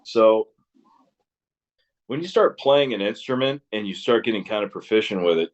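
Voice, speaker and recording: Brief: man, 30s, very low voice, loose rambling storyteller who cusses, slightly muffled lo-fi sound. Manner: rambling storyteller, swears freely, laughs often. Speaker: interview guest, musician. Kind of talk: casual interview chat.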